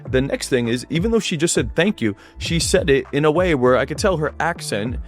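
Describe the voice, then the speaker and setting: Energetic dating coach explaining a clip. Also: male voice, fairly high pitch, brisk, soft background music. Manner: energetic, instructive, acts out his own lines. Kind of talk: video breakdown voice-over.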